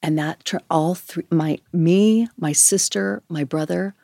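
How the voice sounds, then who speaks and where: Low-pitched chatty woman host. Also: unhurried, creaky, no echo, studio quality. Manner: lively, chiming in and finishing sentences. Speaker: interviewer host. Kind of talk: casual interview chat.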